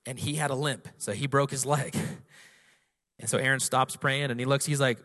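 A man's voice: medium pitch, fairly even intonation, brisk. Man preaching in a reverberant church. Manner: passionate preaching building to loud declarations. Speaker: pastor. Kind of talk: sermon. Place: church sanctuary.

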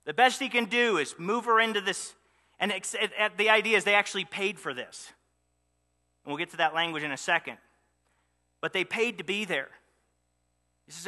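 A man with a high, sharply bright voice preaches a sermon, animated and full of rhetorical questions. His voice rings out with a long reverb, as if heard in a large hall. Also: normal speed, long pauses. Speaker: pastor.

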